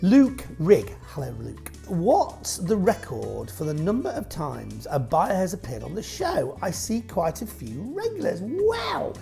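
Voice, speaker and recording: A man's voice: on the high side, wildly swooping pitch, measured pace, vocal fry, few pauses, warm tone, soft background music. A man chatting casually to camera, answering viewer questions in a rambling, jokey way that keeps breaking off mid-sentence. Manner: rambling, jokey, self-interrupting.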